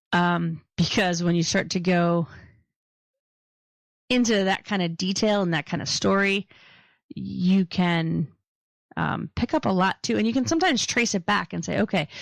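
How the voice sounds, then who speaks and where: Gravelly and lowish, her voice comes through with no room sound at all. She co-hosts a podcast in a Philadelphia accent, chatting loosely, joking, and laughing frequently.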